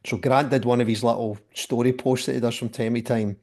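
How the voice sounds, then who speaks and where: A man's voice: mid-range voice, fairly even intonation, brisk, a little mellow. A man hosting a casual panel chat about music, talking with many fillers and restarts. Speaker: podcast host.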